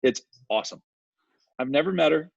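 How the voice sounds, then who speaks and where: A male real estate developer, the guest on an interview, telling a story in a chatty, animated way and often checking in with "right?" The recording is dull and lo-fi. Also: fairly high pitch, fairly quick, gravelly.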